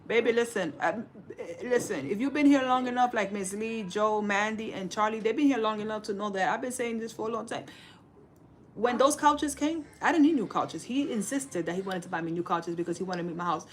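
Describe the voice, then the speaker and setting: Sassy and preachy, a woman in her forties gives relationship advice to livestream viewers in casual chat, calling each of them "baby." She's a fast talker with a mid-range voice, and there's a slight hiss or hum.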